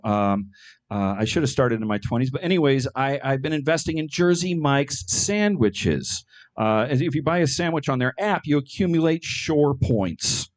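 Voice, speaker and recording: Middle-aged male comic, deadpan and halting, with a lively pitch. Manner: deadpan absurd jokes, frequent ums and uhs. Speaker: stand-up comedian. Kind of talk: stand-up comedy set.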